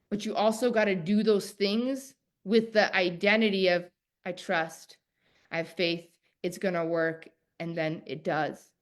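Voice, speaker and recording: Emphatic woman coach teaching live. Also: fairly low pitch. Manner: emphatic, repeats key phrases, preacher-like cadence; talks directly to viewers. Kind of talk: live online masterclass.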